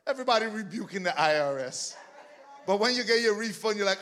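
A man preaching a sermon as pastor, building fervently to shouted refrains between joking asides to the congregation. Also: sits high, expressive, brisk.

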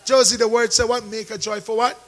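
A man preaching a sermon, calling out to the congregation and rising into shouts. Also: very high voice, level tone, brisk, poor audio. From Caribbean. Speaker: pastor.

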